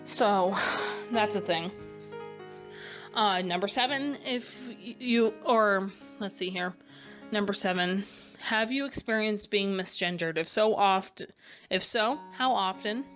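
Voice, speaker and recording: A young woman with a mid-range voice gives a casual voice-over. She talks candidly and loosely, stopping to correct herself and trailing off. Clear background music plays under her words. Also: mid-range voice, unhurried, a bit bright. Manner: candid and rambling, with frequent fillers and self-corrections. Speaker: vlogger answering a tag.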